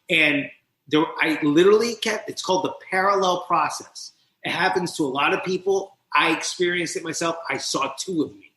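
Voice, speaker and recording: A New Jersey man, a recovery mentor appearing as a podcast guest, tells a personal story during an interview in a forceful, bright voice. Fairly high in pitch and moderately paced, he's animated and profane, acting out the voices he quotes. The recording has a roomy echo.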